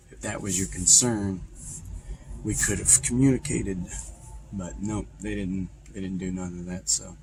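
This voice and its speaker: Driving his truck, a man rants angrily to the camera in a casual vlog, swearing constantly. His voice is low-pitched, recorded in the truck cab on the road with slight background noise.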